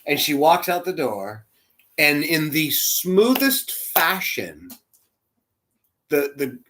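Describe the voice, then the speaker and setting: A man leading a church, telling a heartfelt personal story in a sermon, dropping to a hush and rising loud as he acts out the quotes. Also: fairly high pitch, big pitch swings, takes it slowly, a little hiss or hum. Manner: emotional, swings from hushed to loud, acts out quotes. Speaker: church spiritual leader.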